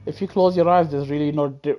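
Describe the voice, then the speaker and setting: A man's voice: on the high side, fairly even intonation, fast talker, muffled recording. A young British man giving live racing game commentary on a headset, bantering with chat in slang and laughing often. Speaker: gaming streamer. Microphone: gaming headset.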